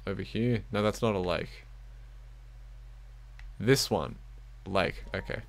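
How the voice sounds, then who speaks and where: A man's voice: low voice, slow, gravelly. A young man giving giggly, self-mocking live-stream commentary as he plays a game, talking to the screen.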